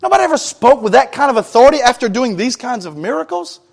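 A man's voice: extremely high pitch, big pitch swings, quick pace, creaky. A man preaching a sermon as pastor, mixing scripture reading with loose, conversational asides and casual slang.

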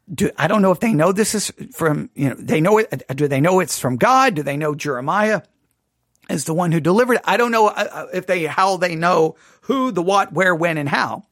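A medium-pitched Bible teacher gives an animated, dramatic lesson, performing people's reactions and lowering to a hush for scripture passages. The studio-quality audio has no room sound.

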